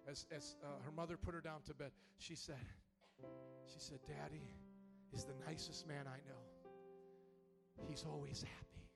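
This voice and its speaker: A man in his thirties preaching a sermon in church, swinging from soft, choked-up storytelling to loud, shouted exhortation. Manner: preaching with big emotional swings, shouting high when fired up. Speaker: pastor. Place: church sanctuary.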